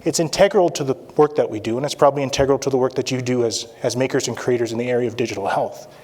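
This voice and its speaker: A man gives a conference talk to a live audience. He speaks at a middle pitch and often stops to check in with the room. His tone is that of a practicing doctor presenting to colleagues. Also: rapid-fire, a little mellow. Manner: interactive, repeats "all right?" often. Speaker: anesthesiologist presenter.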